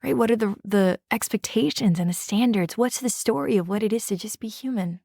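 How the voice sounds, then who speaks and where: A woman hosting a podcast, telling a personal story in an earnest, gentle way and guiding listeners through breathing and reflection. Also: mid-range voice, fairly quick, vocal fry, dry recording, studio quality. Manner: gentle, earnest, with guided breathing prompts and frequent "right?". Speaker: podcast host and drama therapist.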